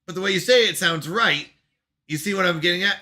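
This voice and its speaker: A man hosting a casual live stream, excitable and quick to laugh, exclaiming at his own mistakes. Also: sits high.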